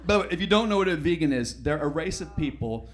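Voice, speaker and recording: Brash, crude stand-up man, fairly high. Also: expressive, quick pace, a faint crowd. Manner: brash and crude, swinging between loud bursts and mutters. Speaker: stand-up comedian. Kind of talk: stand-up routine.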